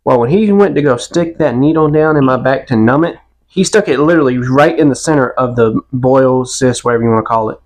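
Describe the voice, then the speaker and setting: A man's voice: mid-range voice, a little fast, a little mellow. A man, co-hosting a podcast and telling stories in a laid-back, casual chat. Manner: laid-back storytelling with a Southern "y'all". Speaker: podcast co-host.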